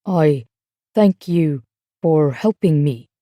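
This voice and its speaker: A woman voicing a weak, shy young British airman who speaks in halting, broken French, slow and quiet. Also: low voice, expressive, no room sound, clean studio sound, pitched below the performer's own voice. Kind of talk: audiobook character voice.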